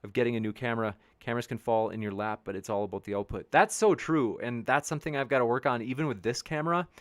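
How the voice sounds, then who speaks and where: Male host, rambling and upbeat, reads viewer comments, mid-pitched voice, dry sound. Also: fast, no room sound. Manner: rambling and upbeat, with many restarts. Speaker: debate show host. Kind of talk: casual live-stream chat, reading viewer comments. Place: home studio with a backdrop sheet behind.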